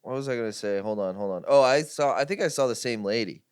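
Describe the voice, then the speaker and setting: A man hosting a podcast, telling stories in a casual comedy chat with an animated manner. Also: medium pitch, quick pace, clear, resonant tone, dry recording, studio quality. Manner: animated storyteller. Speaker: podcast host.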